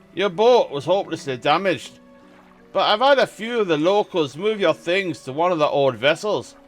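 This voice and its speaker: A man's voice: fairly high pitch, a bit bright, pitched above the performer's own voice. A man voicing a short, bossy harbor mayor in a theatrical put-on accent.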